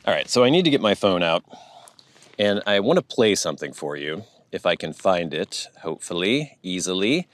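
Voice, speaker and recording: With a low, sing-song voice at a moderate pace, an American YouTube host rambles casually to camera. He's chatty and seems to be working out his thoughts as he speaks.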